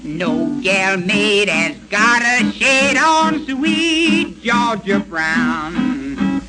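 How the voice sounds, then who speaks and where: A man's voice: high voice, lively intonation, extremely slow, full character voice, rough recording. A crooning boy singer. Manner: crooning with a guitar. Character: young boy singer from a medicine show. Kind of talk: 1940s radio acting and singing. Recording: loud guitar behind.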